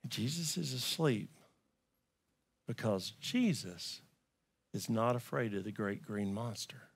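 Storytelling pastor, slow and deliberate. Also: male voice, lowish voice, gravelly, husky. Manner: storytelling, rising to loud pleading cries. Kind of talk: sermon. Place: church.

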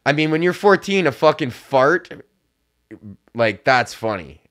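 A man's voice: fairly high pitch, big pitch swings, unhurried, a bit bright. Young male podcast host, casual comedic rant, profane and rambling, acts out the other voices, laughs often.

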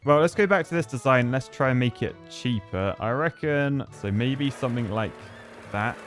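A man in his thirties hosting a gaming video, chatting playfully as he thinks aloud and bursts into excited yelps. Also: mid-range voice, normal speed, soft background music. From Britain. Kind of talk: playful game commentary.

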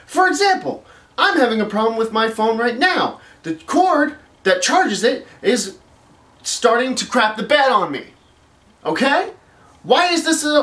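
A man's voice: extremely high pitch, sing-song, unhurried, pushed and bright. A man hosting a comedic rant vlog, exasperated and swearing as he complains. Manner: exasperated, profane ranting. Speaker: vlog host. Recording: roomy echo.

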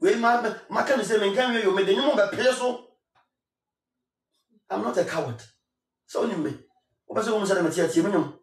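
High-voiced Ghanaian man in an echoey room. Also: quick pace, creaky, distant mic. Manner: emphatic, repetitive, preacherly, switching between Twi and English. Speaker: singer. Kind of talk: impassioned spoken appeal.

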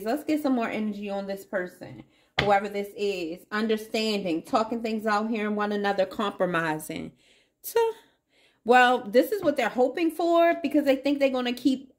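A woman giving a casual tarot reading to her viewers, chatty and playful, calling them baby and y'all. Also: mid-range voice. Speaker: tarot reader.

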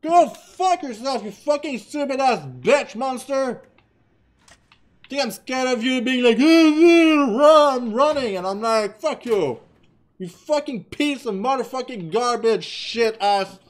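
A young man playing a horror game who talks loudly, gets frustrated, and yells and swears at what is on screen. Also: very high-pitched, animated, unhurried. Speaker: let's play gamer. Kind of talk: loud horror game commentary.

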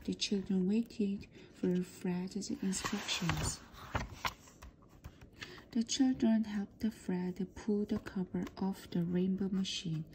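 A woman reading a children's storybook aloud for practice, softly and often in a whisper. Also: mid-range voice, fairly even intonation, slow, a little hiss or hum. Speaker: reader.

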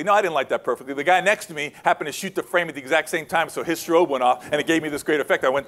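A man giving a lively storytelling talk on wildlife photography to an audience, acting out the quotes and dropping into hushed asides. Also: on the high side, racing, hardly any pauses. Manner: animated, acts out quotes, drops to hushed asides. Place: presentation hall.

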